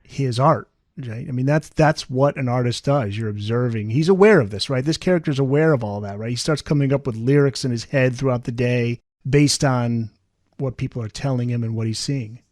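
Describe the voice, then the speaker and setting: A man's voice: medium pitch, normal speed, darkish tone, dry recording, studio quality. A man hosting a podcast interview, asking conversational questions and reading passages aloud. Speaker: podcast host.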